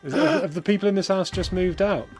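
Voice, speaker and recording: A man's voice: high voice, fast talker, darkish tone. A man streaming a multiplayer game, bantering casually with friends and joking often. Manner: jokey, laughs often. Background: game music and gunfire.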